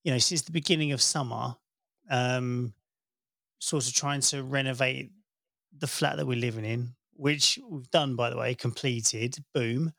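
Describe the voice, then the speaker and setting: A man in his thirties chatting casually, telling a warm family story and acting out the voices he quotes. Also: medium pitch, a little slow, vocal fry, dry recording, clean studio sound. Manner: warm storytelling, animated when quoting. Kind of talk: casual chat.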